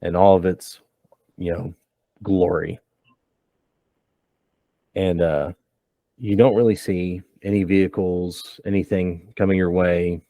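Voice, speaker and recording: A man running a tabletop game, relaxed and rambling as he narrates. His voice is deep and slow, with a dry, close sound. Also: no room sound. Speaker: game master.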